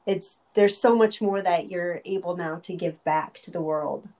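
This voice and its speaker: A woman's voice: fairly low pitch, moderate pace, warm tone. A woman hosting an interview, effusive and affirming as she sums up and praises her guest. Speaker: interviewer, host.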